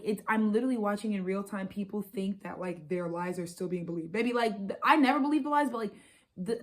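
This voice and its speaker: A young woman in her twenties rants through an unscripted spiritual vlog, her speech fast, profane and emphatic. She circles back to repeat her points, piling on "baby" and "like" as she builds momentum. Her pitch sits in an ordinary middle range for a woman. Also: a little mellow. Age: 20s. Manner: rapid, profane, emphatic and repetitive. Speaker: astrologer and spiritual channeler.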